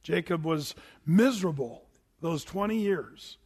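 A middle-aged male pastor giving a chatty, animated sermon full of stories and restarts. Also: a little high, unhurried, slightly rough. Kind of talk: sermon with storytelling.

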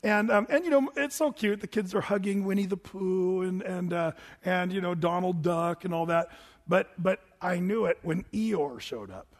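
A middle-aged male pastor giving a chatty, animated sermon full of stories and restarts. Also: high voice, normal speed. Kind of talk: sermon with storytelling.

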